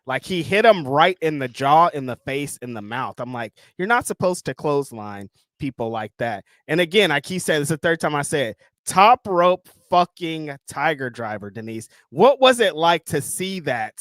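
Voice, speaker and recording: A man's voice: fairly high pitch, animated, normal speed, hardly any pauses, a bit bright, dry recording, studio quality. A man co-hosting a casual wrestling review chat, enthusiastic and joking, swearing casually and laughing often. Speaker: wrestling show co-host.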